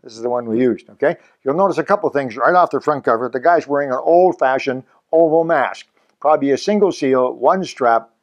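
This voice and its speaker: A man in his seventies, a Canadian scuba instructor hosting his own channel, talks a little fast in a mid-range voice. His casual, chatty delivery to the camera is self-deprecating, with chuckles slipped in between points.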